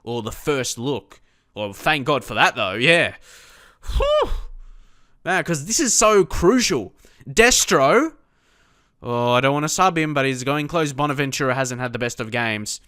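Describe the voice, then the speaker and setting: A young man chatting through live gameplay, talking to himself and his viewers and erupting in frustrated shouts at his players. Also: medium pitch, sing-song, measured pace, no room sound, studio quality. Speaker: gaming YouTuber.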